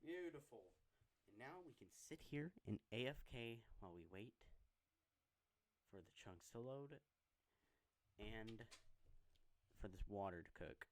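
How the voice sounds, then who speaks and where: A man's voice: medium pitch, expressive, measured pace, pauses often. A man with a Southern US accent giving rambling, self-mocking gameplay commentary, often restarting his sentences. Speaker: video game player and YouTuber.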